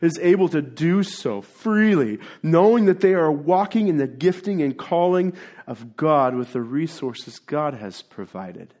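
A male pastor delivers a sermon in a slightly higher-than-usual voice. His preaching is earnest, moving between low, quiet asides and emphatic, rising declarations. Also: lively intonation, a little slow.

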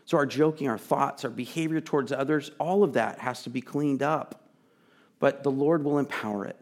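A man preaching a sermon, earnest and emphatic, chatting with asides and sometimes dropping to a soft, pleading voice. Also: medium pitch, moderate pace. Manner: drops to a soft, intimate tone to plead. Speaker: pastor.

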